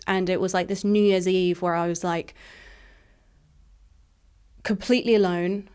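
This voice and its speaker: A woman in her thirties from England, telling her personal story as an interview guest in a frank, rapid way, full of "like" fillers. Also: on the low side, little pitch movement, a little mellow, clear, resonant tone.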